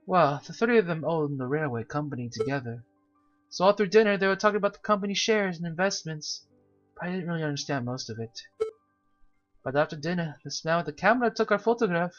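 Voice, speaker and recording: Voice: mid-range voice, expressive, fairly quick, pitched above the performer's own voice, natural voice. A cheerful, naive young cat lady tells her tale in a bouncy, sing-song way, voiced by a game player reading aloud. The recording is a little dull and lo-fi. Faint music plays underneath. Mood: chatty. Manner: bubbly, sing-song storytelling.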